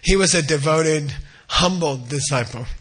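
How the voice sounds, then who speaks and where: A man telling a teaching story in a casual, animated, rambling way with many fillers. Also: fairly high pitch, a little slow, slightly rough.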